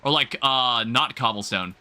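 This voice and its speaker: A man's voice: mid-range voice, measured pace, bright, forceful tone. A man livestreaming a game, chatting casually with viewers in a rambling, self-correcting way with the odd light swear. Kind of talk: casual gameplay commentary.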